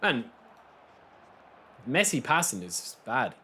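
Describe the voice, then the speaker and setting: A man's voice: mid-range voice, takes it slowly, husky. A young Irish man commenting live on his football video game and chatting with viewers. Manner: animated, chatty, reacting to play and viewers. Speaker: game streamer.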